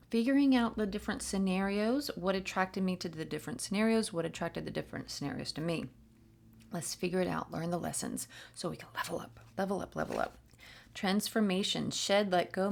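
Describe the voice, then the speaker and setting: A woman with a lowish voice and vocal fry gives a spiritual reading on her channel. She chats to her viewers in a rambling, encouraging way, often poking fun at herself, like a casual spiritual pep talk straight to camera.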